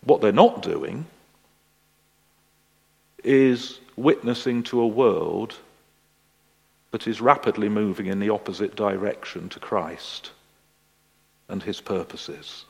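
A man preaching a sermon at a slow, deliberate pace. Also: on the low side, gravelly, husky. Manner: slow, deliberate delivery, animated voices in the story. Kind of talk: sermon with a told joke. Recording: long hall reverb.

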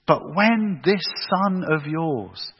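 A man's voice: fairly high pitch, big pitch swings, unhurried, husky, heavily acted. A man voicing a resentful older son who complains that he has earned his reward. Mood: indignant. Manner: aggrieved, self-justifying. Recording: echoey hall, dull lo-fi sound.

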